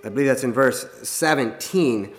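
A man preaching a sermon in an earnest, plain-spoken way, often pausing and restarting his sentences. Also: mid-range voice. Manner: halting, many restarts and fillers.

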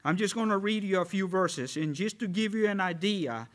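A man preaching a sermon, reading scripture slowly and earnestly and rising in pitch and volume when he stresses a point. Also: expressive, a bit bright. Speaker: pastor.

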